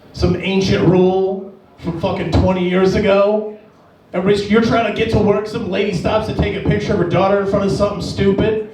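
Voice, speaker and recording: A man from Las Vegas doing a stand-up set, telling profane stories and yelling out other people's lines. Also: high-pitched, slight background noise. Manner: profane storytelling, acts out shouting characters. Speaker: stand-up comedian. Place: comedy club stage. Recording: echoey club, distant mic.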